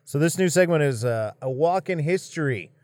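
A man's voice: a little high, animated, normal speed, a little mellow, dry recording, studio quality. A man co-hosting a casual show, playful and teasing as he banters and announces new segments. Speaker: podcast co-host. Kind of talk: casual chat.

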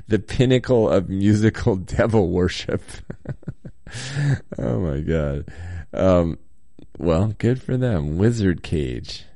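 Low-voiced man rambling with a slight cold. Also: animated, mellow, no echo, studio quality. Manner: rambling, halting, many ums and chuckles. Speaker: podcast host reading listener comments. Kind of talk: casual solo chat. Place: hotel room.

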